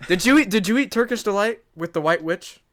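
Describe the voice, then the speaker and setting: A man's voice: high voice, expressive, fairly quick, fairly bright tone. A young man co-hosting a podcast, chatting casually, joking around with lots of fillers. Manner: joking, filler-heavy, laughs often. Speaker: podcast co-host. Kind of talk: casual chat.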